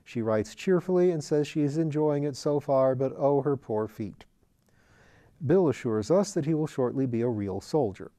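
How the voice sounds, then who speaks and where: A man reading a novel written as letters aloud, in a measured, unhurried way. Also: mid-range voice, warm tone. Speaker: audiobook reader.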